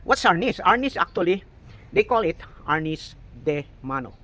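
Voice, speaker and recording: A man's voice: high-pitched, sing-song, moderate pace, pushed and bright. A man with a Filipino accent explaining martial arts terms in a casual tutorial, often checking in with "okay?". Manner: explanatory, repeats words, frequent "okay?".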